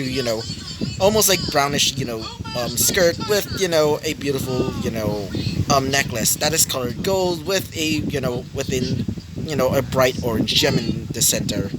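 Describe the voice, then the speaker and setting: A man improvising a fan fiction story aloud, rambling with many fillers and self-corrections. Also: a little high. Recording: noisy home recording.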